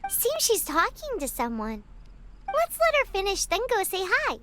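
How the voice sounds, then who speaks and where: A chirpy little companion in a video game, eager and bright. Her voice is very high, with swooping pitch and a sharp, bright tone. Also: huge pitch swings, normal speed, a little hiss or hum, full character voice.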